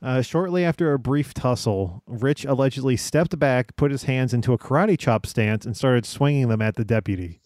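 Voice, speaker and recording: A man with an ordinary mid-range voice reads out bizarre news stories on a casual comedy podcast, pausing on filler sounds. The sound is dry and close. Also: medium pitch, darkish tone, no echo.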